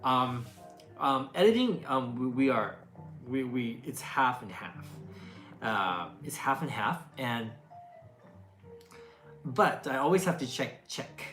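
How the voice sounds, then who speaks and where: A woman's voice: very deep voice, lively intonation, slow pace, long pauses, a bit bright. A woman who makes food videos, chatting casually and answering questions, with lots of fillers, restarts and laughs. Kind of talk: casual Q&A chat. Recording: echoey room, faint music behind.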